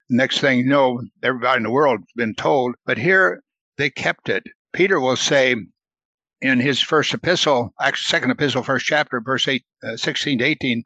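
A man teaching a Bible study in a conversational way, asking questions and answering them himself, reading verses slowly and then explaining them. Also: fairly high pitch, pushed and bright, dry recording. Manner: reads scripture slowly, then explains it casually.

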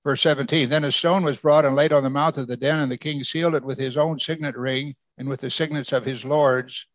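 A man's voice: medium pitch, fairly even intonation, a little fast, dry recording. A man preaching a conversational sermon, reading scripture verse by verse and putting questions to his listeners. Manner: conversational, asks the congregation questions. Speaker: pastor.

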